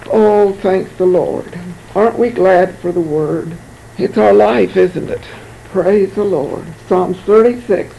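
A man's voice: high-pitched, vocal fry, warm tone, a little hiss or hum, low-quality recording. A man preaching a sermon, reading Bible verses aloud and commenting on them, often repeating words as he goes.

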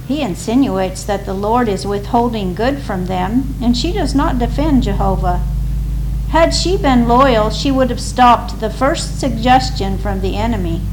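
Slow, deliberate woman reading aloud. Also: medium pitch, noisy background. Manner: measured, deliberate. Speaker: reader. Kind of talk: scripted reading of a devotional commentary.

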